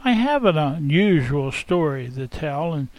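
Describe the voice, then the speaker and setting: Slow, theatrical male storyteller. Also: a little high, no echo, poor audio. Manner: theatrical, expressive, savoring the tale. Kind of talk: first-person dramatic monologue as an innkeeper.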